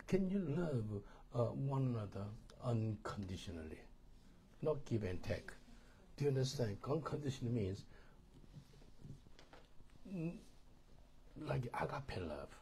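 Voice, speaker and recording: A man's voice: mid-range voice, mellow, a little hiss or hum. A middle-aged man with a Korean accent, a pastor teaching a marriage course in sermon style, emphatic and repetitive, often checking that listeners understand.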